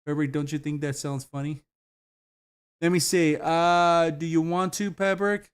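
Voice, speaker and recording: A man with a slightly high voice chats on a stream while he browses videos. He giggles often and rambles in a loose, profane way. His talk comes in casual bursts. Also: steady tone, slow pace, pauses often, smooth. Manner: giggly, laughs often at what he watches.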